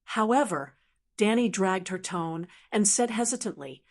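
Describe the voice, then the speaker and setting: A woman narrating a fantasy novel audiobook at a middle pitch. Her reading is steady and even throughout. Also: measured pace.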